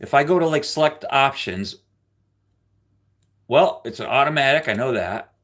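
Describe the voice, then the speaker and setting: Mid-range in pitch and at a normal speed, a man hosting a live stream chats casually, teasing and joking with viewers. He stays animated and frequently slips into loud bursts of play.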